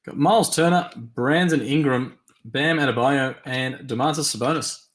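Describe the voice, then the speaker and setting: A man hosting a live-stream trading card break, tired and yawning, chatty as he reads teams and cards in quick lists. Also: medium pitch, reverberant, noisy background. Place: at a desk during a live stream.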